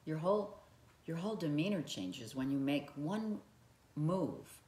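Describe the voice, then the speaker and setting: A woman's voice: low voice, sing-song, a little slow, dark tone, echoey room. A woman giving earnest motivational advice to the viewer, often repeating her phrases and speaking to the viewer directly. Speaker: relationship advice vlogger. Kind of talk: motivational talk to camera.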